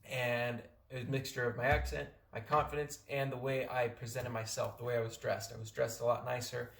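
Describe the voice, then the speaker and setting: A man's voice: mid-range voice, flat delivery, fairly quick, gravelly, a bit bright, reverberant, a little hiss or hum. A young American man from California giving casual, rambling advice in a vlog. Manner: rambling, many restarts and fillers. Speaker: vlogger.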